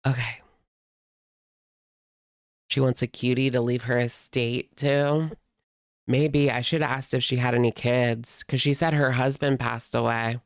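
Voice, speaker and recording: Gravelly casual man in his thirties. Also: mid-range voice, dry recording, studio quality. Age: 30s. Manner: rambling, filler-heavy, amused. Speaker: host. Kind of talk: casual storytelling to live chat.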